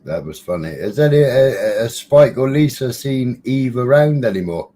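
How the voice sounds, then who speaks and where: A man hosts a casual live stream into a computer mic, sounding chatty and teasing and dropping the odd mild swear word. His voice sits at an ordinary middle pitch. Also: animated, moderate pace, warm tone. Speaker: livestream host. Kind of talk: casual livestream chat greeting viewers.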